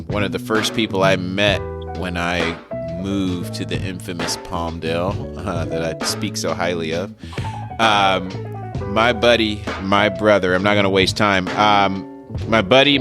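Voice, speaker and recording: Friendly male podcast host, low voice, playful storyteller, soft guitar bed. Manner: animated storyteller, acts out quoted calls with big pitch jumps. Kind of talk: casual chat.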